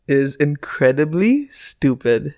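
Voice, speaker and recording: A man's voice: a little high, sing-song, slow, a little mellow, dry recording, clean studio sound. A man co-hosting a podcast in casual chat, rambling and self-mocking. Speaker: podcast co-host.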